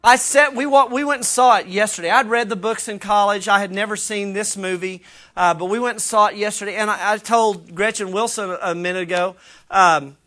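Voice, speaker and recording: Bright-voiced male pastor preaching. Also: high-pitched, fairly even intonation, fairly quick. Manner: earnest, emphatic preaching with conversational asides. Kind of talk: sermon. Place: church.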